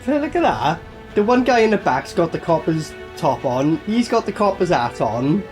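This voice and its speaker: A man reacting to a TV episode in loose, sweary chat, leaping up and down in pitch as he talks. Soft music from the episode plays faintly underneath him. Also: normal speed. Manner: excitable, swears freely, fills with "like" and "you know what I mean". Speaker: reaction video host. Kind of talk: casual reaction commentary.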